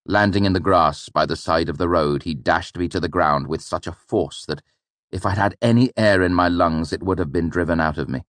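In a low, deep voice, a man narrates a first-person audiobook with a measured, steady reading. He's recorded close up in a dry space with no echo.

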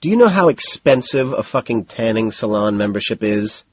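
A man's voice: fairly low pitch, lively intonation, normal speed, slightly rough, dry recording. A man voicing a smug, showy young businessman who needles his friends, on a dull lo-fi recording.

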